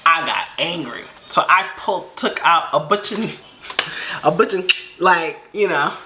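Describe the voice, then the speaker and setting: A young woman casually telling a storytime, animated and laughing, acting out other people's lines in high voices. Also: takes it slowly, noisy background. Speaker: storyteller vlogger.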